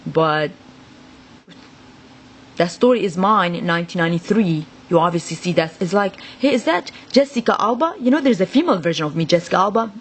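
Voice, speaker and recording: A woman's voice: fairly low pitch, lively intonation, fairly quick, slight background noise. A woman talking straight to the camera in a rambling, agitated monologue full of swearing. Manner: profane, rambling, agitated ranting. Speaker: vlogger.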